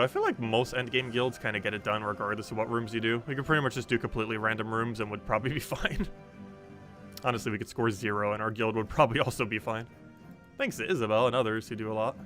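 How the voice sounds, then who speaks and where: A man's voice: on the low side, expressive, quick pace, bright, forceful tone, soft background music. A young man streaming a game, chatting casually and rambling with many ums while he plays and answers chat. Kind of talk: casual live-stream commentary while playing.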